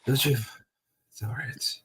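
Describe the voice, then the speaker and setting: A man's voice: unhurried, fairly bright tone, whispered. A man streaming late at night, chatting casually and joking with his viewers. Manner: laid-back, joking, chats to viewers.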